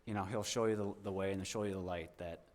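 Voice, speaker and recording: A man's voice: low-pitched, steady tone, quick pace, a little mellow, slight background noise. Heartfelt, rambling man speaking to a church. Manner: rambling and heartfelt, many fillers and restarts. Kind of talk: informal testimony to a congregation.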